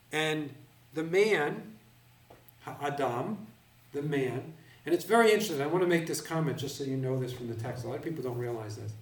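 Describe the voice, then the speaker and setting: A man teaching a Bible class to a live audience, carefully explaining the meaning of words one at a time. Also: medium pitch. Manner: deliberate, explaining word by word. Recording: roomy, recorded from a distance.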